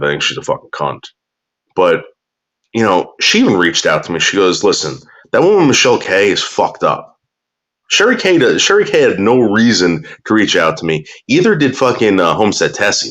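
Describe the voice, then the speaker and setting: Crude ranting man with a lively pitch. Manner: crude, bitter, swings between drawling and muttering. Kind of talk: profane casual rant.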